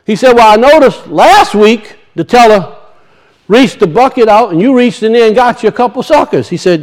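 A man with a high, light voice preaches in a church. He tells a folksy story in an easy, homespun way and chuckles often as he talks. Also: animated, normal speed, a little mellow. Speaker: pastor. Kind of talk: sermon.

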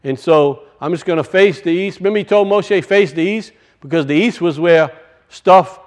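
A man preaching a sermon and telling a personal story, swinging from loud bursts to hushed, quiet lines. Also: on the high side. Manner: rises loud then drops to hushed, storytelling.

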